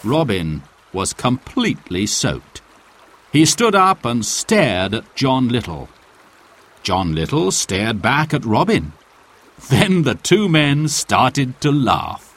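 A man reading a children's storybook aloud with slow, clear, expressive narration. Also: mid-range voice.

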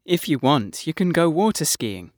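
A man's voice: fairly high pitch, big pitch swings, normal speed, no room sound, clean studio sound. A man reading an everyday adult man. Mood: plain. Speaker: dialogue actor in a listening exam. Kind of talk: scripted dialogue reading.

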